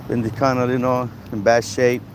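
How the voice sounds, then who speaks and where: A man's voice: medium pitch, little pitch movement, normal speed, slight background noise. A man livestreaming on a walk through a city park, talking casually and rambling with lots of filler. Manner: casual, rambling, lots of "you guys" and "you know". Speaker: street vlogger. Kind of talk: walking street livestream. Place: outdoors in a city park by traffic.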